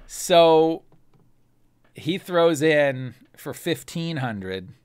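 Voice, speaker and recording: A man's voice: fairly high pitch, extremely slow, clear, resonant tone, no echo. Casual male game master. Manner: casual, lively narration with filler words. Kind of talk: narrating a tabletop game.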